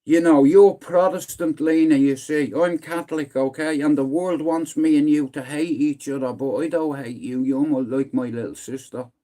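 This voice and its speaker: Man, Dublin Irish accent, middle-aged, livestream host, rambling, sweary, higher-pitched. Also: fairly even intonation, moderate pace, few pauses, warm tone. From Ireland. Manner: rambling, blunt and sweary, repeatedly saying "listen". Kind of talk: casual livestream chat.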